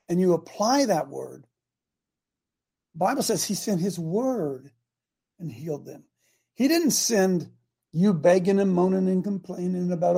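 Gravelly older man preaching folksy style. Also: high-pitched. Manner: folksy, emphatic, rises and drops loudness for effect. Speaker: host. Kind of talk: casual preaching talk show.

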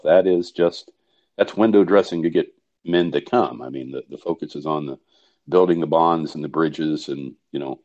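A man calling in as a guest to explain an event he is organizing, speaking haltingly with many fillers. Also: deep voice, darkish tone. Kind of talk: call-in guest chat. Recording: dull lo-fi sound.

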